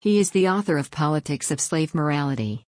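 Low-voiced woman reading news copy. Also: expressive, fairly quick, darkish tone, no echo, clean studio sound. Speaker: news article reader. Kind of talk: scripted news read-out.

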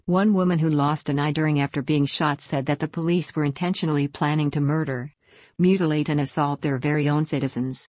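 A woman narrating a scripted news report in an even, formal read-out manner. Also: low voice, a little fast, no room sound, studio quality.

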